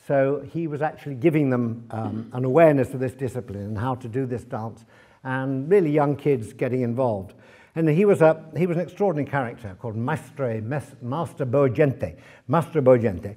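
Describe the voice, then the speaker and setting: A man speaking as a guest author at a library event, telling lively travel anecdotes to an audience, with many fillers and restarts. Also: medium pitch, brisk. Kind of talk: anecdotal talk to a live audience.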